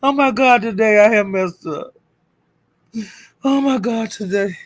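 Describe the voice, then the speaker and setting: A woman's voice: medium pitch, a little slow. A woman hosting a live stream who is frantic and flustered, swearing, laughing and calling out to viewers for help. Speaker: livestream host.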